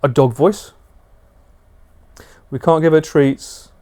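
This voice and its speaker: A man streaming live from home late at night, chatting casually and slipping into high sing-song baby talk for a dog. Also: takes it slowly, warm tone.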